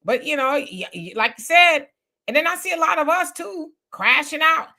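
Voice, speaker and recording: A woman co-hosts a casual live stream, reading viewer donations and messages aloud between loose remarks. Her voice sits high and sounds bright and clear. She talks in an easy, conversational way. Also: lively intonation, normal speed.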